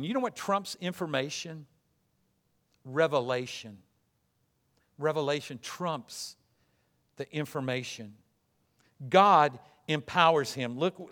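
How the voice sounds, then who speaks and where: Guy preaching, punchy repeated lines, slightly high voice. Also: takes it slowly, long pauses, a bit bright. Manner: emphatic and repetitive; acts out quoted voices. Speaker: pastor. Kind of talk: sermon.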